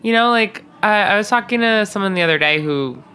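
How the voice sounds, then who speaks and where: Bright-voiced, chatty young woman. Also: mid-range voice, animated, brisk, clear, resonant tone. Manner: chatty, jokey, many fillers. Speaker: podcast co-host. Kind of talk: casual chat.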